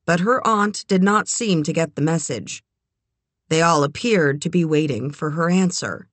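A woman narrating a novel in a measured, expressive way. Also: low-pitched, no room sound. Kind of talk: audiobook narration.

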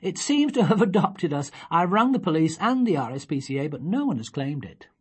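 A woman's voice: on the low side, very animated, fairly quick, slightly rough. A woman doing a prim, tidy young mother. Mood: firm.

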